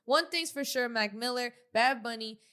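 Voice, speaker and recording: A woman's voice: fairly high pitch, normal speed, sharp tone. Slangy, swearing young woman co-host. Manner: slangy, swears often, laughs a lot. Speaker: podcast co-host. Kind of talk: casual chat.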